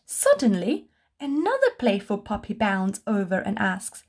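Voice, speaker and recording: Slow sing-song woman reading to kids. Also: mid-range voice, wildly swooping pitch, darkish tone. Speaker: children's book reader. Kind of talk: children's storybook read-aloud.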